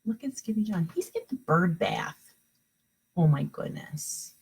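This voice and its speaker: Expressive woman reading a picture book. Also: fairly low pitch, slight background noise, poor audio. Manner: expressive storybook reading, pausing to explain to children. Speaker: kindergarten teacher. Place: at home.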